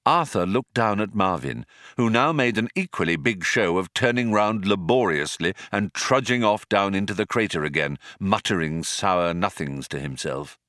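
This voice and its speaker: A man reading a story aloud as narrator, with expressive storytelling. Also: low voice, moderate pace, hardly any pauses, no echo, clean studio sound. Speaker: audiobook narrator. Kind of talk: scripted narration.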